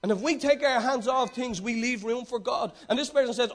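A man's voice: very high voice, fairly quick. A man preaching a sermon, emphatic and repeating his key phrases.

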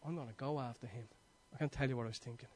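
A man with an Irish accent preaching a sermon, telling stories with passion and swinging between loud and hushed delivery. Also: medium pitch, steady tone, very fast.

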